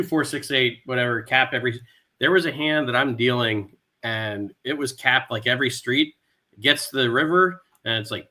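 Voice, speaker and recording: A man with a bright, forward voice recalls a hand he once dealt. He goes along easily, stops now and then, and gets louder when he acts out a player. His voice sits at a middle pitch. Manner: relaxed, a bit halting, with loud acted-out quotes. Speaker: poker dealer, podcast guest. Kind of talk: casual storytelling.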